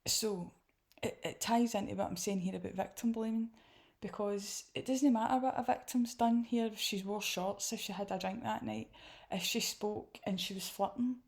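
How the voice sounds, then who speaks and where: A woman's voice: medium pitch, moderate pace, few pauses, a little mellow. Indignant Scottish woman commenting. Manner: indignant, candid, swears. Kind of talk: reaction commentary.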